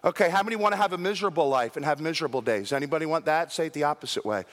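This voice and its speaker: In a large church sanctuary, a pastor with a fairly high, fairly bright voice races through his sermon. He repeats words and puts questions to his congregation.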